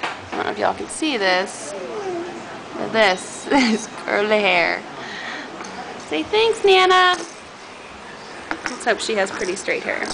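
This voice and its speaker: A woman's voice: on the high side, expressive, a little slow, creaky, pauses often. A woman cooing in sing-song baby talk to her babies at bath time, filmed on a home camcorder. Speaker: mother filming her babies. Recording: noisy home camcorder audio.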